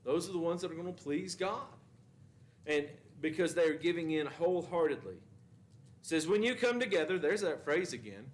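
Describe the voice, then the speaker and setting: A man's voice: on the high side, normal speed. A man teaching a Bible class at church, asking the class questions and reading scripture with emphasis.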